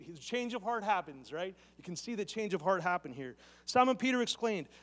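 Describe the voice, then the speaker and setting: A man's voice: sits high, expressive, normal speed, few pauses. A man preaching a sermon as pastor, earnestly putting questions straight to his congregation. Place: church sanctuary. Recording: long reverb of a church hall.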